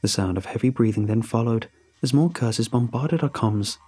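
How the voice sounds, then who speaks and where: A man narrating a horror story in a steady, grave storytelling voice. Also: mid-range voice, normal speed, breathy edge.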